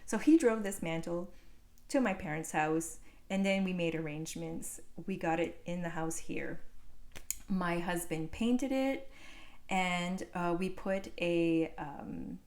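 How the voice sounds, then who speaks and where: A woman in her forties, a knitting podcast host, telling a casual story into a phone, rambling with fillers and restarts. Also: on the low side.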